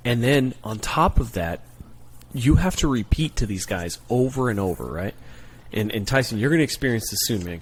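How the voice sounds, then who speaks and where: Profane, animated man telling stories. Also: fairly low pitch, slightly rough. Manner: profane, animated storyteller, peppers talk with "right?". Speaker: guest, Marine gunnery sergeant and former recruiter. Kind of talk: casual podcast storytelling.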